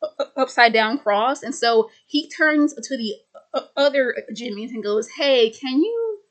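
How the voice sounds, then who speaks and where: A woman's voice: on the high side, moderate pace, a bit bright. A woman casually retelling a film plot, stuttering and repeating words with many fillers. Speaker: video host retelling a film.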